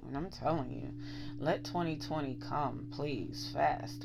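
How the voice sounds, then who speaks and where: A woman's voice: low voice, vocal fry, noisy background. A woman with a Pittsburgh accent, rambling and thinking aloud in a casual vlog, chuckling often. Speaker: vlogger. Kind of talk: casual talk to camera.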